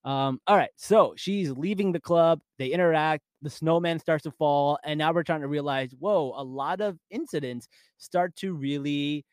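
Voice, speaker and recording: A man's voice: a little high, moderate pace, hardly any pauses, clear, resonant tone, no room sound. Chatty man with a dry close sound. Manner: animated, laughs often, recaps episodes. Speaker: podcast co-host. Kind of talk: casual fan discussion.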